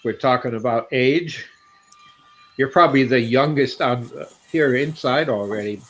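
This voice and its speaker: A man's voice: mid-range voice, moderate pace, a bit bright. A man in his seventies telling a rambling, self-deprecating story on a video call. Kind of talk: casual chat. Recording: slightly muffled call audio.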